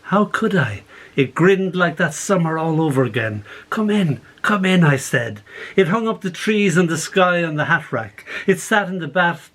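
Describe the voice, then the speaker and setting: An older poet reads his poems aloud and tells the stories behind them, animated and often laughing. His voice sits a touch high for a man, and he comes through a video call. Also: normal speed. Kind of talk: poetry reading with anecdotes.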